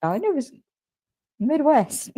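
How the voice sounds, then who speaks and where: A woman's voice: a bass voice, measured pace, a little mellow, no echo. A woman co-hosting a podcast in casual chat, rambling with lots of fillers and laughing easily. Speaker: podcast co-host.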